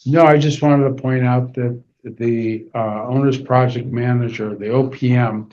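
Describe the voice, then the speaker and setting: A man with a New England accent, a board member at a town meeting, explaining points in a measured way. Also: medium pitch, steady tone, darkish tone. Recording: dull community TV audio with faint room noise.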